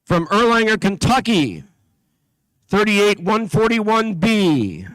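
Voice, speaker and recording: Event announcer, male, high voice, dry close sound, reads team lists steadily with the odd slip. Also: sing-song, slow pace, a bit bright, no room sound, poor audio. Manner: reads a list steadily, with small slips and asides. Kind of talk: announcing teams at a competition. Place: event venue.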